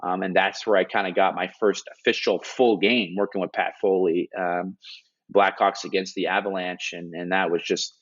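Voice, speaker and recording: Male sports analyst, lowish voice, earnest animated storyteller, dull lo-fi sound. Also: normal speed. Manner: earnest, animated retelling with many restarts and filler words. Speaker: hockey broadcast analyst. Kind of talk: interview storytelling. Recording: dull lo-fi audio.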